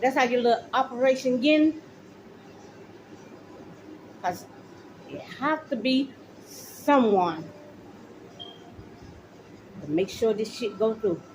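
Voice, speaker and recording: A woman's voice: a little high, slow, pauses often, a little mellow, a little hiss or hum, low-quality recording. A middle-aged woman, a mother, ranting straight to the camera, accusing officials directly and repeating her points. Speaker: mother speaking out. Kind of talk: angry direct-to-camera rant.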